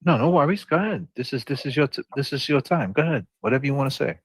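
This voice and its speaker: A man hosting a casual live stream, asking a guest questions and reading out questions from viewers. His voice sits at an ordinary middle pitch. The sound is dry and close. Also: quick pace, husky, dry recording. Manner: relaxed, conversational, reads out viewer questions. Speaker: live-stream host relaying chat questions.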